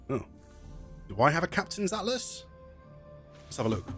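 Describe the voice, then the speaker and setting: A man's voice: fairly high pitch, sing-song, normal speed, pauses often, a bit bright, soft background music. A man streaming a game, chatting casually and reading in-game text aloud, joking at his own expense. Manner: chatty, self-mocking, tries silly pirate accents.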